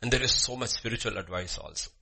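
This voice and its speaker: Male pastor, fervent sermon delivery; bright, husky tone. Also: on the low side, lively intonation, fast talker. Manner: fervent, emphatic, repeats phrases, swings between loud and hushed. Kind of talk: sermon with opening prayer.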